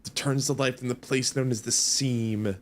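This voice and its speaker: A man's voice: medium pitch, normal speed, a little hiss or hum. Sleepy, rambling male streamer. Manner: sleepy, relaxed, rambling with fillers. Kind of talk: casual let's-play commentary.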